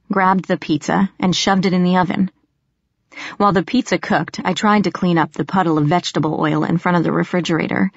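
A woman's voice: on the low side, no echo. A woman narrating a first-person audiobook with tension, snapping sharply in her own dialogue. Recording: slightly dull lo-fi audio.

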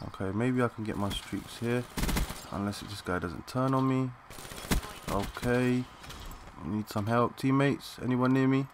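A young man giving excitable, swearing live commentary while playing a shooter, calling out to teammates in slang. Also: mid-range voice, unhurried, background noise. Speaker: gaming channel host.

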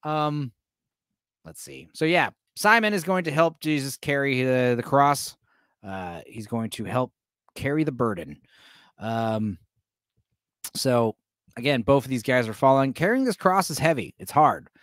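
A man rambles through a relaxed watch-along commentary, trading jokes with his chat and filling gaps with plenty of ums. His pitch swings up and down with lively energy. The sound is dry and close. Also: measured pace, no room sound. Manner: joking, rambling, addresses the chat with many fillers. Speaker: host reacting to a film for a live chat.

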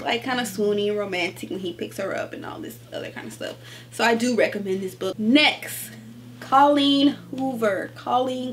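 A woman chatting casually about her book haul, animated and gushing, calling her viewers y'all. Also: medium pitch, slight background noise. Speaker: book vlogger.

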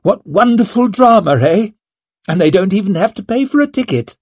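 A man's voice: fairly high pitch, sing-song, measured pace, darkish tone, husky, no room sound, voice pushed up, heavily acted. A man voicing an ambitious, bitter young noblewoman in an audiobook, wry and defiant with a coarse tongue.

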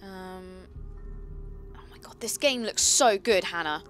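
A woman's voice: fairly low pitch, slow pace, a bit bright, soft background music. A young woman chatting casually while playing a video game, chatty and giggly. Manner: chatty, giggly, does playful silly voices. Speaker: let's play co-host. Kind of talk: casual gameplay chat.

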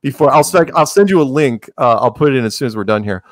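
A man chats as a guest on a podcast, his thoughts tumbling out with frequent restarts and wry, sarcastic asides. His voice sits at an ordinary pitch, and the sound is dry and close with no room around it. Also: animated, fast talker, no room sound. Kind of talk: casual conversational interview.

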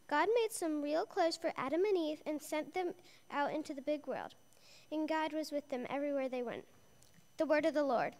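Woman, high pitch, reading a children's Bible story at a family church service; lively storyteller. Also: moderate pace. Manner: lively storyteller doing character voices.

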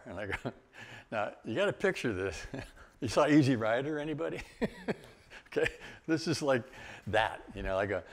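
An older man giving a guest-speaker testimony, telling his story in a lively way with laughs and sudden exclamations. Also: medium pitch, normal speed, creaky, long pauses. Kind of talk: testimony talk.

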